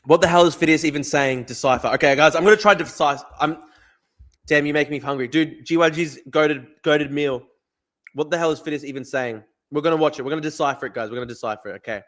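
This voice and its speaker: A man's voice: a little high, fast talker, a bit bright. A man hosting a live stream, joking crudely and chatting between bites. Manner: crude, joking, talks while eating. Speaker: livestream host. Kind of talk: casual live stream chat.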